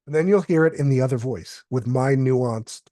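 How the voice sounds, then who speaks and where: A man presenting a step-by-step software tutorial, explaining calmly with occasional fillers. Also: medium pitch, normal speed, dry recording, studio quality.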